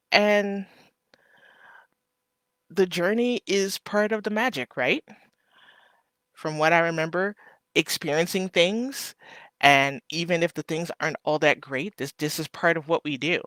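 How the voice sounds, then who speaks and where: A small business owner hosts a casual live stream in a rambling, heartfelt way, full of ums and thank-yous. The voice is bright and now and then jumps into a high playful squeal. The sound is dry and close. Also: unhurried, pauses often, no echo. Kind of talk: casual livestream chat to viewers.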